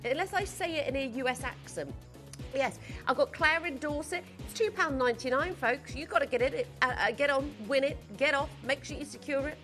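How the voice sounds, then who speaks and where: A woman's voice: high voice, a little fast, fairly bright tone, soft background music. A woman presenting live on a shopping channel from a TV studio, speaking in chatty, gushing sales patter full of asides.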